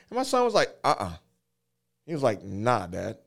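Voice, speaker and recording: A man in his forties telling a personal story earnestly, in halting phrases, holding back tears. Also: medium pitch, wildly swooping pitch, creaky. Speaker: guest, fatherhood program worker.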